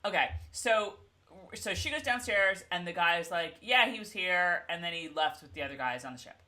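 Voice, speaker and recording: Woman, co-host of a casual recap show, lowish bright voice, very lively storyteller. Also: moderate pace. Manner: animated storyteller, acts out characters' lines. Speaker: podcast co-host.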